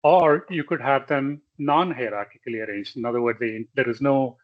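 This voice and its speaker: Guy lecturing over slides, measured and halting, mid pitch, kinda dull lo-fi sound. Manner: measured, with frequent fillers and self-corrections. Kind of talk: technical presentation with slides. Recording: slightly dull lo-fi audio.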